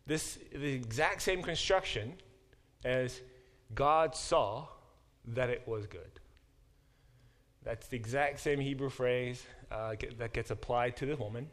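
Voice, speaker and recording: A man's voice: medium pitch, takes it slowly, fairly bright tone. A male professor teaching a Bible class, lecturing with many fillers and restarts and reading verses aloud. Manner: reads verses aloud and explains them.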